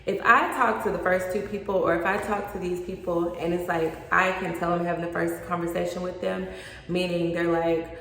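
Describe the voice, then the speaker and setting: Frank low-voiced woman in her 30s, gravelly, blunt advice vlog, big echoey room with a long tail. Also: fairly even intonation, moderate pace, a bit bright. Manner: frank, emphatic, repeats points for stress. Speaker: mortgage loan officer. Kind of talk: direct-to-camera advice vlog.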